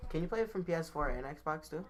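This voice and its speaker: A high-school-aged young man on a casual podcast, butting in with short, quick remarks and questions. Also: expressive. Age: teens. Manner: quick, curt interjections. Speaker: podcast co-host. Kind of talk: casual chat.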